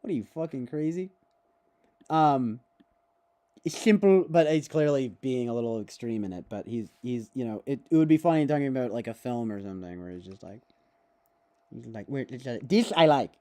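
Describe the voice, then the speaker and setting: A man's voice: medium pitch, fairly quick, warm tone. A man hosting a casual streamed chat, rambling along and often breaking into laughter and swearing. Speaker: host.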